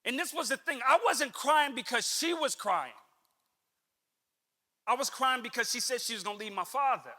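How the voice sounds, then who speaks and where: A man's voice: extremely high pitch, animated, normal speed, pauses often, pushed and bright, long reverb tail. A middle-aged man telling a personal story as a motivational speaker, earnest and conversational, repeating lines for emphasis.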